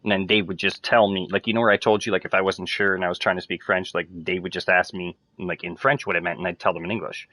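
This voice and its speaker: A man's voice: deep voice, little pitch movement, quick pace, few pauses, pushed and bright, no echo. A man chatting casually while playing a video game, rambling with lots of fillers and swearing freely. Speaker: gamer streaming to friends.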